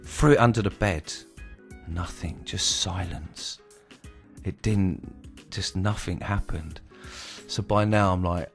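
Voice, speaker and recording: A young man with a lowish voice recounts a personal story in a casual way, his pitch leaping up and down as he gets into it. He swears freely and paints the scene vividly. Faint music plays underneath. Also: lively intonation, takes it slowly. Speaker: streamer telling a personal story.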